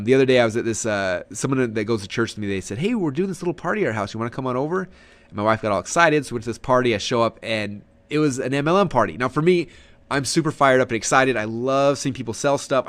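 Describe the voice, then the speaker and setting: Energetic male marketing coach, rapid-fire webinar delivery, mid-pitched voice. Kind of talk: webinar teaching.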